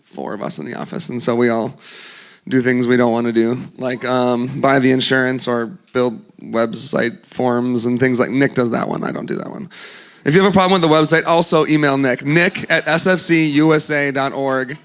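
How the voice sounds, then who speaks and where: A man's voice: medium pitch, fairly even intonation, moderate pace, clear, resonant tone. A man giving a casual talk at a conference, joking and chatting with the audience as he speaks. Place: conference hall before a crowd.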